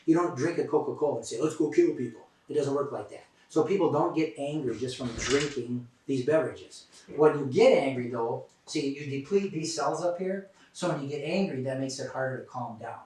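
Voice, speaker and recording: A man talks fast to a room, giving a prevention lecture built from lively anecdotes. He acts out the people in his stories and gets loud when a story heats up. His voice sounds far from the mic, with heavy room echo around it. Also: medium pitch. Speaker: substance use prevention presenter.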